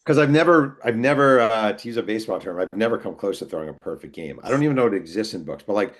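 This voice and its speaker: A man's voice: lowish voice, expressive, fast. A man from New York, an author telling a story in casual conversation and acting out the voices of the people he quotes. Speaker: author and podcast guest.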